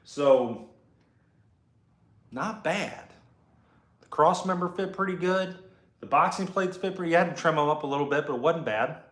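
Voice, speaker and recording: Cussing, laid-back garage host in an echoey room. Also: male voice, on the high side, moderate pace, pauses often, a bit bright. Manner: profane, rambling, laid-back. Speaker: host and car builder. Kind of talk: casual live garage chat answering viewer comments.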